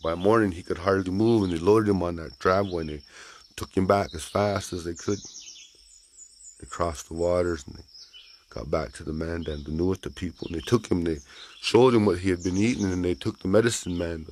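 A man telling a traditional folk tale aloud in an unhurried, repetitive storytelling manner. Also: low-pitched, darkish tone, a little hiss or hum. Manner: unhurried, repeats phrases, talks to listeners.

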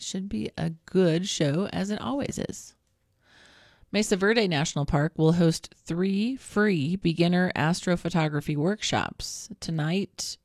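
A woman's voice: on the low side, darkish tone, dry recording, clean studio sound. A woman announcing on public radio in a friendly, conversational way.

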